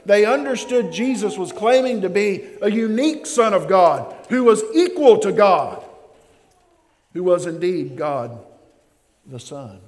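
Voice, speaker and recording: A pastor preaches a sermon in a church sanctuary with a high-pitched, darkish voice, speaking slowly and emphatically. His volume swells and drops as he calls on the congregation to respond. The long reverb of a large hall surrounds him.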